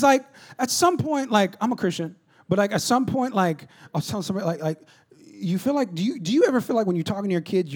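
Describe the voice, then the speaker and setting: A man, a pastor, preaching a sermon in an animated storytelling way, dropping to a hush and then rising loud. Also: sits high. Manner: animated storytelling, jumps between hushed and loud.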